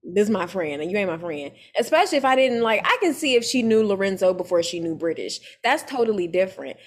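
A woman co-hosting a casual chat, recapping reality TV in a lively, profane, animated way. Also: mid-range voice, fast talker. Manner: animated, profane, mimics cast members. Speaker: podcast co-host.

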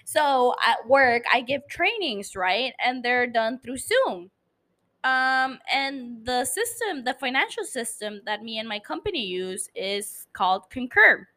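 Woman host with a non-native accent, a little tipsy, blunt and profane, higher-pitched. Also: a little slow. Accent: non-native English accent. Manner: profane, blunt, animated ranting with laughs. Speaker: podcast host. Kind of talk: casual podcast monologue.

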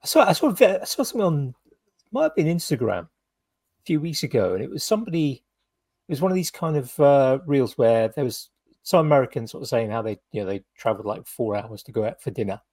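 A man from the UK chatting on a podcast, his voice a little husky and recorded dry and close. He tells loose, rambling stories full of "kind of" and restarts. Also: medium pitch, very animated, brisk, a little mellow, no echo. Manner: rambling anecdotes with many fillers and restarts. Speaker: podcast co-host. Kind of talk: casual chat.

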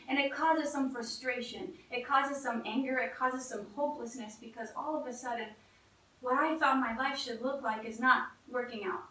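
A woman delivers an earnest, conversational sermon, often restarting her phrases as she goes. Her voice is high and bright. It sounds echoey, as if recorded from a distance in a reverberant room. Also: fairly even intonation, normal speed. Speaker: preacher. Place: church.

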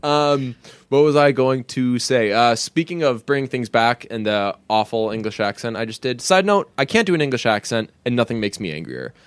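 A man's voice: mid-range voice, expressive, normal speed, clean tone, dry recording. An American man co-hosting a podcast, chatting casually with a joking, rambling manner and frequent laughs. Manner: joking, rambling, laughs often, slips into goofy voices. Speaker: podcast co-host. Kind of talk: casual chat.

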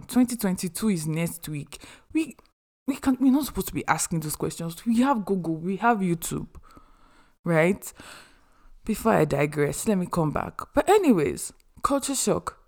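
A young woman from Nigeria, hosting a podcast and giving chatty, expressive advice with humorous asides. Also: on the low side. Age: young adult. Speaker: podcast host. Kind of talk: casual advice monologue.

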